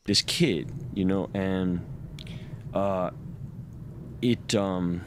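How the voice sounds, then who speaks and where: A man's voice: low voice, fairly even intonation, extremely slow, a little hiss or hum. A man telling a personal story on a podcast in a rambling, hesitant way. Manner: rambling, hesitant, full of fillers. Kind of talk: reflective storytelling chat.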